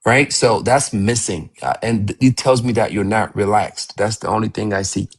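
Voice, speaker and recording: Man, teacher and host, husky voice, lowish pitch, encouraging, coaching. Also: normal speed. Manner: lively, encouraging, coaching, acts out examples. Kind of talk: live coaching session.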